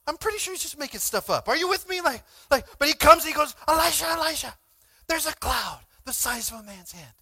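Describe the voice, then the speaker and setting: A male pastor preaching a sermon informally, swinging between shouted exhortations and quiet asides, often asking the congregation to respond. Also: very high voice, expressive, brisk, dry recording. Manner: informal, frequent "like" and call-and-response.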